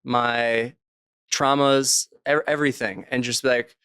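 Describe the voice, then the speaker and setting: Man, author being interviewed, casual storytelling, acts out quoted voices, smooth resonant voice, dry close sound. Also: medium pitch, steady tone, unhurried, fairly bright tone, no room sound. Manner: acts out quoted voices while telling anecdotes. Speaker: author and podcast guest.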